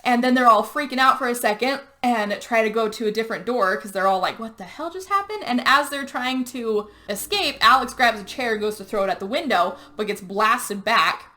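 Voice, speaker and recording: A woman hosting a podcast, casually retelling a movie plot with lots of "like" and quick quoted character voices. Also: a little high, bright, forceful tone. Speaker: podcast host. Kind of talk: casual movie recap chat.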